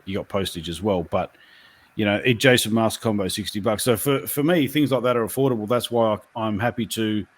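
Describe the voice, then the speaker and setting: Lower-voiced man hosting. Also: brisk. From Australia. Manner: chatty, asks questions with filler restarts. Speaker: live show host. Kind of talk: casual live video chat.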